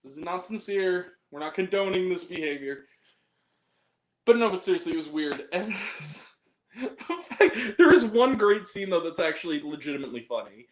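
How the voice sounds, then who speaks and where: A man's voice: high voice, animated, moderate pace. A man reviewing a film on a podcast in casual chat, swearing freely and often breaking into laughter. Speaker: podcast guest. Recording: roomy echo.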